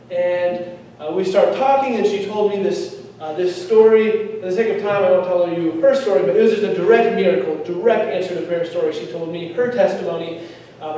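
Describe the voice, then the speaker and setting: A young man telling a lively testimony story at church, chatty and laughing often. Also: high voice. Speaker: youth speaker. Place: church hall. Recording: echoey hall from far off.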